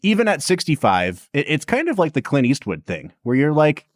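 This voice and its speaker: Male podcast co-host, lively pitch, dry close sound, casual movie chat. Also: fairly quick, few pauses, no room sound. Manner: animated, laughs often, puts on quoted voices. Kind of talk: casual film review chat.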